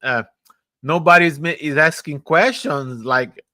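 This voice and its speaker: Male host, bright, slightly high voice, chatty questions, dry close sound. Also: dry recording. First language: Portuguese. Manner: chatty, quick-firing questions. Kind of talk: casual live interview.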